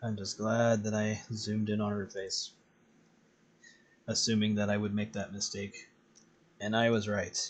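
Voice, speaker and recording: A man streaming while he draws, chatting casually in a relaxed, rambling way with plenty of swearing. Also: on the low side, unhurried, pauses often. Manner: relaxed, profane, rambling with chuckles. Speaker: streaming artist. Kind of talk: casual chat while drawing.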